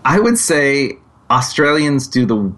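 A man co-hosting a podcast who talks casually and in a halting way, restarting his sentences as he thinks aloud. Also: medium pitch, very animated, a bit bright, slight background noise. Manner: rambling, halting, many restarts. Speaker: podcast co-host.

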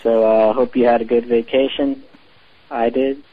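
Flat-voiced man on a lo-fi voicemail. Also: medium pitch, normal speed. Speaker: caller. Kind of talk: voicemail message. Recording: dull lo-fi phone voicemail.

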